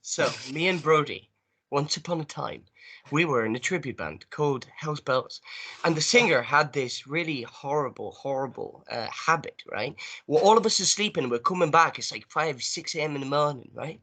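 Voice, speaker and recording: A man telling animated band stories in casual chat, acting out what people said. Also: fairly high pitch, normal speed. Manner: animated storyteller, acts out quotes. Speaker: band member, guest. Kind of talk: casual storytelling.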